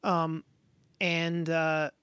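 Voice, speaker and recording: Brief: high-pitched man, loose podcast chatter, close dry mic. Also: completely flat delivery, very slow, a bit bright, smooth, dry recording. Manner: rambling, lots of fillers. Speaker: podcast co-host. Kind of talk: casual chat.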